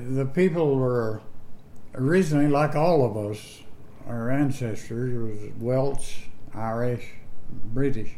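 This is an old man in his eighties, and he talks with plain country grammar. He rambles through his memories in a relaxed, unhurried way. His voice sounds mellow and warm, and it is recorded in a roomy space with some echo. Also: mid-range voice, slight background noise. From northern Georgia, USA. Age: 80s. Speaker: interviewee. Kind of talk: casual storytelling interview.

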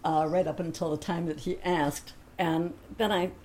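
A woman's voice: lowish voice, fairly even intonation, normal speed, a little mellow. A woman telling a personal anecdote in a chatty way, laughing often and acting out the other people in her story.

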